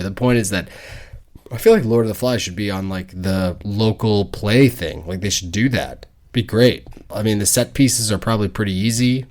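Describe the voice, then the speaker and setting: A man co-hosting a casual book club podcast, joking and animated, with mock-indignant asides. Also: lowish voice, gravelly. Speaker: podcast co-host.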